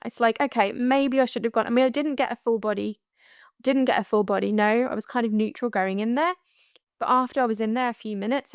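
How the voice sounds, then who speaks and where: Woman, podcast host, spiritual coaching talk, chatty, frequent laughs, slightly high pitch, dry close mic. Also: smooth, no echo. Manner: chatty, laughs often, many asides like "okay?" and "right?".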